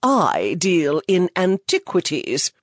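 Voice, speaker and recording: Haughty mustached dealer, male, condescending and oily, put on by a woman narrator, lively swings in pitch. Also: slow, no room sound, studio quality, exaggerated voice. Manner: condescending, snarling, then syrupy.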